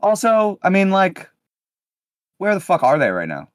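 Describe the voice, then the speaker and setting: A man's voice: high voice, huge pitch swings, normal speed, no echo, studio quality. A man co-hosting a podcast, talking casually in a loose, rambling way full of fillers. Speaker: podcast co-host.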